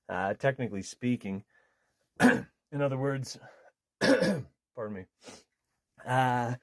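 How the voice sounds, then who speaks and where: Guy rambling and cussing into his phone, toothbrush in mouth, mellow low tone, dry sound. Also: dry recording. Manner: rambling, cursing, frustrated rant. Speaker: vlogger. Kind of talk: rambling monologue.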